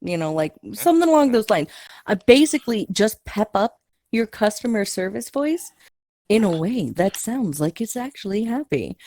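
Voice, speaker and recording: A woman's voice: mid-range voice, very animated, normal speed, mellow, dry recording. A woman chatting casually as a stream guest, playful and ready to slip into a chirpy customer-service voice, over an online voice chat.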